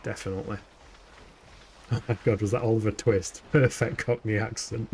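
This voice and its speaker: A man's voice: fairly low pitch, fairly even intonation, normal speed, pauses often, a little mellow, slight background noise. A young man with a Yorkshire accent, chatting casually and swearing now and then while playing a video game live and answering his chat. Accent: Yorkshire English. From England. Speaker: game streamer.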